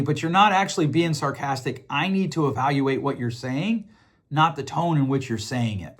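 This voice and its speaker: A middle-aged man hosting a podcast, explaining ideas in a casual, conversational way, often repeating words as he thinks. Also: fairly high pitch. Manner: conversational, repeats words while thinking, acts out quoted voices. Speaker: podcast host.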